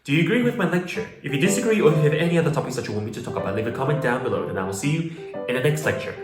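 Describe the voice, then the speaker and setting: A man giving a casual video lecture, animated and opinionated, with loose slang. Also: mid-range voice, rapid-fire. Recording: roomy echo, faint background music.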